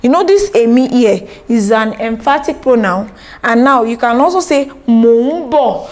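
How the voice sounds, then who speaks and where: Woman, language teacher, patient, repeats words, slightly high pitch. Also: lively intonation, moderate pace. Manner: patient, repeats each word several times. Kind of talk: slow lesson, repeating words and translating.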